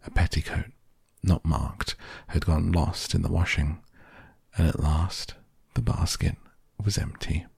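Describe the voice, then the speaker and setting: Slow, gravelly male storyteller, gentle reading, very deep voice. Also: fairly even intonation, no echo, studio quality. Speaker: narrator.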